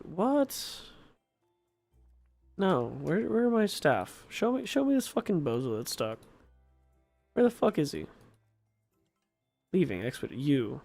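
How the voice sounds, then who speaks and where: A man's voice: fairly high pitch, sing-song, slow, vocal fry, pauses often, a little mellow, soft background music. A man giving casual gameplay commentary, exasperated and swearing, asking the same questions again and again. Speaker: gaming streamer.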